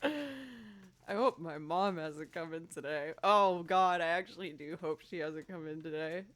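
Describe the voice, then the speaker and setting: A woman's voice: lowish voice, a little slow, a bit bright. A woman musician livestreaming, chatting in a giggly, hyper, self-conscious way between loops.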